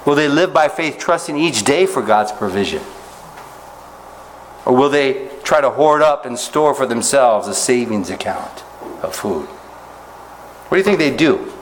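A man pastor preaching an expository sermon, talking conversationally with the congregation, often asking rhetorical questions and rising in pitch to stress a point. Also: a little slow, long pauses, a little hiss or hum, low-quality recording. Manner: animated rises in pitch when making a point.

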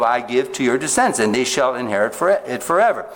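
A man preaching a sermon, reading scripture aloud slowly and stopping often to ask his listeners rhetorical questions. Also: mid-range voice, animated. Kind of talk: sermon, Bible teaching.

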